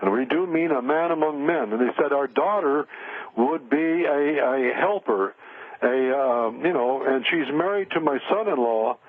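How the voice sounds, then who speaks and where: An older man, a spiritual counselor, tells a long rambling story full of fillers and restarts during a radio interview. His medium-pitched voice is unhurried and has no echo, though it comes through a tinny phone line.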